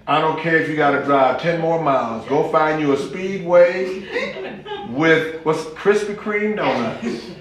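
A man's voice: on the high side, a little slow, heavy reverb, crowd noise. A man preaching a sermon as pastor, folksy and humorous, with rising exclamations.

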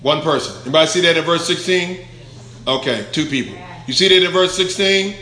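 A man's voice: a little high, a little fast, sharp tone, roomy sound. A man preaching a verse-by-verse Bible sermon, emphatic, stretching key words out and putting questions to the congregation. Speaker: pastor.

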